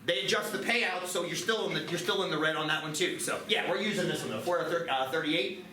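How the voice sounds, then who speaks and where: A man teaching a math class, lively and joking, with quick asides to his students. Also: on the high side. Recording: roomy classroom, mic at a distance, background noise.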